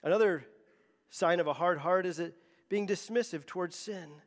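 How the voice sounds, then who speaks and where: A man's voice: sits high, moderate pace, big-room sound. A man preaching a sermon as pastor, emphatic and often repeating words as he presses a point.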